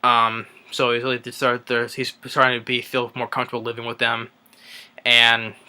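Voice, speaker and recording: A young man talks through a film's plot in a loose, rambling way, full of "um"s and false starts. His voice is bright and clear, and his pitch sits in the middle. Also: monotone, normal speed. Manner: rambling, many fillers and restarts. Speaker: movie reviewer. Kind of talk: casual spoken movie recap.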